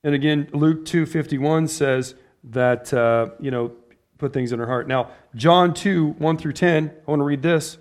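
A man's voice: fairly high pitch, a little slow. A man preaching a conversational sermon, putting questions to his listeners and laughing as he goes. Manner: conversational, asks the audience questions and laughs often.

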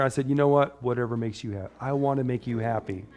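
A man's voice: medium pitch, a little fast, a little mellow. A middle-aged man preaching a casual, conversational sermon, wandering into personal stories and often checking in with "right?". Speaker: pastor.

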